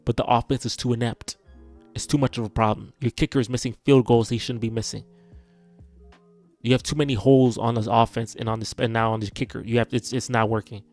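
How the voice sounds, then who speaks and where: A man's voice: medium pitch, fairly even intonation, fairly quick, darkish tone. Man, venting football fan, blunt and repetitive, faint music behind. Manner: frustrated, blunt, repeats himself. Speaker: sports content creator. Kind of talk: unscripted emotional rant.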